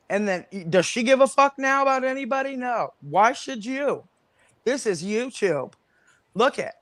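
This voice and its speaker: A woman's voice: on the low side, fairly bright tone, no room sound. Furious woman calling someone out on a live panel, profane and confrontational, dry close sound. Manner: angry, confrontational, heavy swearing. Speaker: guest on a livestream panel. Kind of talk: heated livestream rant.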